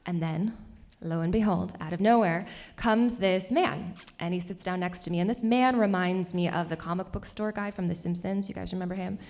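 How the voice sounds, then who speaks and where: A young woman telling a personal story on stage at a cultural center, animated and laughing often between lines. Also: lowish voice, normal speed, gravelly, few pauses.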